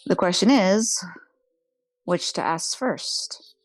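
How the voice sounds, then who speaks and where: A woman's voice: medium pitch, slow pace, no echo. Woman narrating her tabletop character. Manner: descriptive, with frequent "kinda" and "she goes". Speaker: player.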